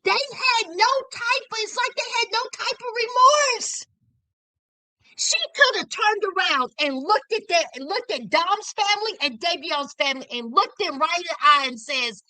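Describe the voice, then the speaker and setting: A woman hosts her own casual commentary show in a high, bright voice that swings widely in pitch. She speaks unhurriedly and with heavy emphasis, breaking now and then into outraged shouting. The sound is dry and close, with no room around it. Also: expressive, a little slow, no echo, low-quality recording.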